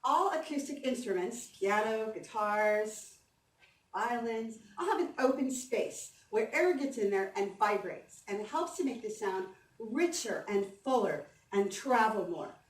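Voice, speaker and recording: With a medium-pitched voice, lively intonation and a measured pace, a woman voice coach leads a conference audience through breathing exercises. Her onstage talk is upbeat and encouraging. The hall audio is roomy and distant, with a faint ambient backdrop.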